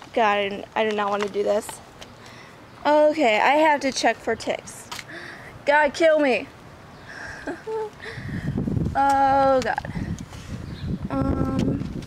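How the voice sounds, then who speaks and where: A teenage girl vlogging outdoors in her yard, excitable and swearing a lot as she calls her dogs. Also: high voice, slow pace, pauses often. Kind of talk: casual vlog. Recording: noisy outdoor ambience.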